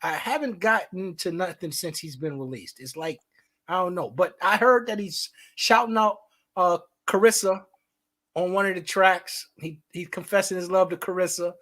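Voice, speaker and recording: High-voiced playful man co-hosting. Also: moderate pace, a bit bright. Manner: playful, riffing and freestyling, then earnest. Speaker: co-host. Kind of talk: casual live-stream chat.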